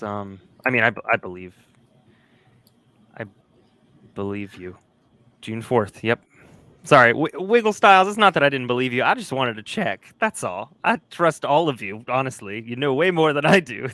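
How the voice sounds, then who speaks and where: A man's voice: mid-range voice, big pitch swings, a little slow, long pauses, sharp tone, no echo. A man co-hosting a casual livestream, joking and chuckling as he greets chat. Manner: jokey, self-deprecating, chuckles often. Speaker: livestream co-host.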